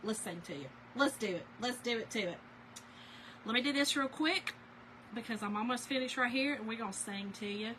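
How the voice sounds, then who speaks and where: Woman in her forties hosting a craft livestream, bright higher voice, talkative storyteller chatting with viewers. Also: brisk, slight background noise, low-quality recording. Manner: chatty storyteller, talks to viewers and reads their names aloud. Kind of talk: casual livestream chat while crafting.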